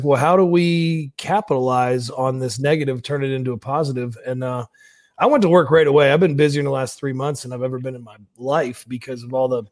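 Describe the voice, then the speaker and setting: A man speaking as a guest in a casual interview, blunt, profane and confident. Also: medium pitch. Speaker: pro wrestler guest.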